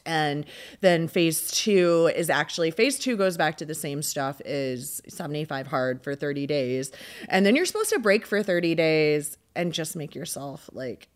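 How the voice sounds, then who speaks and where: A woman co-hosting a podcast in casual chat, upbeat and emphatic, talking in short punchy phrases. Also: low voice. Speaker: podcast co-host.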